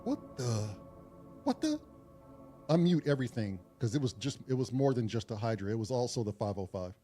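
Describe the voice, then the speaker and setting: A man's voice: medium pitch, quick pace, mellow, faint music behind. A man co-hosting a live jam stream, bantering casually with crude, playful jokes. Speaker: musician co-host.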